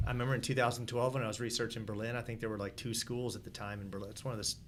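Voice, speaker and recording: A man's voice: mid-range voice, little pitch movement, very fast, a bit bright, slight background noise. Rambling male podcast host. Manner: reflective, rambling, many restarts. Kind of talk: casual podcast chat.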